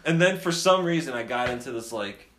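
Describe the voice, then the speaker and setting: A young man co-hosting a podcast, telling a story in a casual, animated way, laughing often and acting out his friends' lines. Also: mid-range voice, fairly quick, echoey room, slight background noise. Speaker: podcast co-host.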